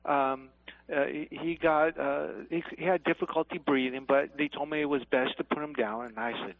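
A man calling in to a radio talk show, speaking haltingly with many fillers. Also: on the high side, steady tone, vocal fry, no room sound, narrow, tinny audio. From Texas. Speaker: caller. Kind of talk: call-in radio caller.

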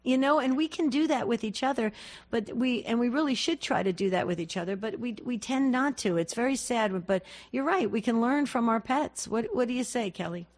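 A woman's voice: fairly high pitch, expressive, brisk. A woman co-hosting a call-in radio show, chatting effusively with callers. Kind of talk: talk radio chat.

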